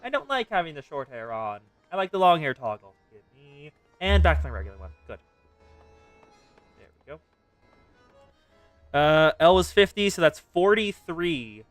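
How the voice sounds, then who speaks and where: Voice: mid-range voice, big pitch swings, normal speed, pauses often, dry recording, faint music behind. A game streamer chatting casually and talking to themself while playing. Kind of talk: casual live gameplay chatter.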